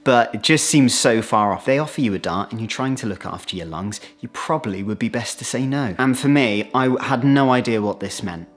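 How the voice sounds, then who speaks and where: A British man in a casual explainer vlog, chatty and animated, acting out little quoted exchanges as he talks. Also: medium pitch, fairly quick, hardly any pauses, faint music behind. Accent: British English. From Britain. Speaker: vlogger. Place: outdoors, then moving inside.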